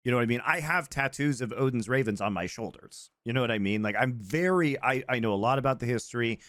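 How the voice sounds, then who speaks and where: A man's voice: medium pitch, expressive, fast, fairly bright tone, no room sound, studio quality. A man from the United States co-hosting a film podcast, talking earnestly in a rambling casual chat. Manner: earnest, rambling, repeats "you know what I mean". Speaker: podcast co-host.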